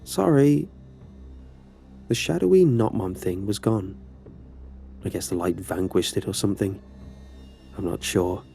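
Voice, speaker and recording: A man's voice: sits low, big pitch swings, moderate pace, creaky, pauses often, mellow, soft background music. A man narrating a horror story in a casual, conversational way.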